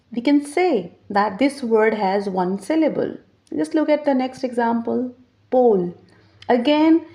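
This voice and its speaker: A woman teaching English pronunciation in a patient lesson, repeating each example word slowly and deliberately. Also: on the high side, mellow. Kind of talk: slow explanatory lesson.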